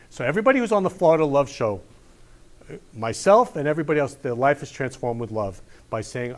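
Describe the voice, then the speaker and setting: A man's voice: medium pitch, lively intonation, fairly quick. A middle-aged man hosting a talk show, gushing and repeating declarations of love in an effusive monologue.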